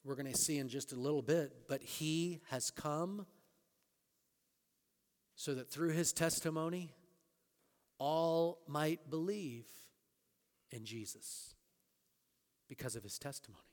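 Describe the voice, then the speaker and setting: A man preaching a sermon as pastor, rising to emphatic scripture quotes and dropping to quiet asides. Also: a little high, slow, long pauses, big-room sound.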